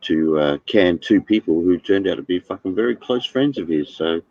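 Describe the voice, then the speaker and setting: A man's voice: sits low, lively intonation, moderate pace, darkish tone, dry recording, lo-fi sound. A man talking bluntly and cursing as he gossips in an online chat. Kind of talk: casual chat.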